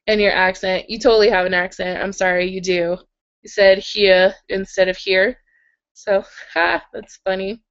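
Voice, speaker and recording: A woman's voice: medium pitch, animated, a little slow. Young woman, casual live-stream host, giggly and chatty, slightly sore throat, dull webcam sound. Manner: chatty and giggly, many "like"s and little laughs. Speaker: livestream host reading viewer comments. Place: in bed at home.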